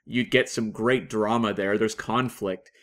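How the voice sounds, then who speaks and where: A Canadian man co-hosts a casual podcast chat. He talks eagerly and loosely, with lots of fillers and quick asides. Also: lowish voice, fairly even intonation. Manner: chatty, enthusiastic, many fillers. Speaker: podcast co-host.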